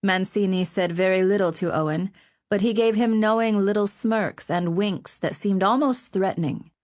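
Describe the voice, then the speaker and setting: A woman reading an audiobook with measured, even storytelling narration. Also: mid-range voice. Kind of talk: scripted narration.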